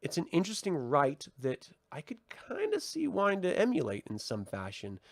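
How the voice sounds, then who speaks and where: A man casually recapping and reviewing a TV episode with animated retelling and frequent ums and uhs. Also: fairly high pitch, normal speed, creaky, no echo, studio quality. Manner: animated retelling, hesitant fillers.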